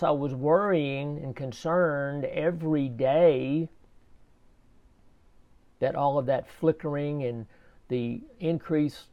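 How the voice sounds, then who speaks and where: Man, fairly high and gravelly voice, casual faith testimony, halting, repeats himself. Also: muffled recording. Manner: slow, halting storytelling with repeated words. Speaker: storyteller sharing a personal faith testimony.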